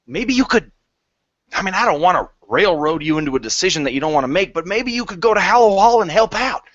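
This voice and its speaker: A man voicing a distraught human rogue who pleads haltingly, on a lo-fi recording. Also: fairly high pitch, a bit bright, no room sound, voice pushed up.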